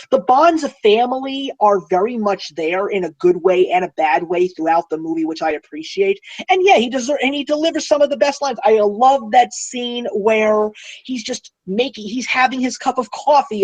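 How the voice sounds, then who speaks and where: A man co-hosting a film podcast, talking casually and excitedly, sometimes drifting away from his microphone. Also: high-pitched, rough recording. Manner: excitable, drifts off the mic when enthused. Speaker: podcast co-host.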